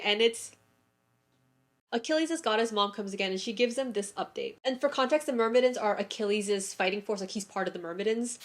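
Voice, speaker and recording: A woman's voice: mid-range voice, brisk. A young woman vlogging about books, gushing and emotional, laughing often as she talks. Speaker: book vlogger. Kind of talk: casual reading vlog with read-aloud passages.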